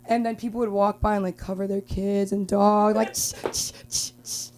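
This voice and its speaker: A young woman from Los Angeles performing a rambling stand-up comedy set at an open mic, with filler-heavy talk and sudden loud outbursts. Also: mid-range voice, little pitch movement, normal speed, a little hiss or hum.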